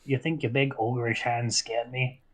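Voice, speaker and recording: A man's voice: mid-range voice, little pitch movement, moderate pace, slightly rough, close to an everyday voice. A man voicing a small, scornful male goblin prisoner in a tabletop game, taunting his captors.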